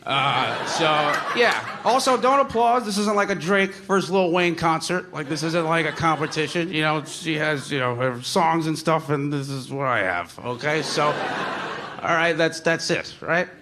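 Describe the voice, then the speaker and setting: A man doing a stand-up comedy set on a live stage, rambling and self-deprecating, with many fillers and sudden shouted bits. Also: a little high, lively intonation, measured pace. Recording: noisy live stage recording.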